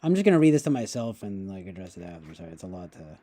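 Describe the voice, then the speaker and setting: Male livestream host, mellow, halting and rambling, reacting to chat. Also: low voice, very animated. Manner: rambling, halting, many restarts and fillers; chuckles often while talking.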